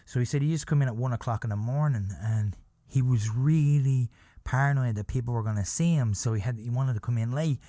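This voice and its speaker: A man's voice: mid-range voice, a little fast, mellow, no echo, clean studio sound. A man hosting a podcast, telling a story in a rambling, profane, self-deprecating way. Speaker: podcast host. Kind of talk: casual storytelling. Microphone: podcast microphone.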